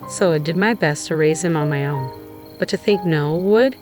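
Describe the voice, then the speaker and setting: A woman voicing a distraught, defensive young mother who pleads and turns shrill when shocked, with music playing underneath. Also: normal speed, close to an everyday voice. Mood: pleading.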